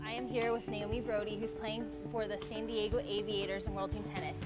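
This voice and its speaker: A woman hosting a quick-fire question game with a tennis player, bubbly and encouraging. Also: mid-range voice, little pitch movement, loud music behind the voice. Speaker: interviewer.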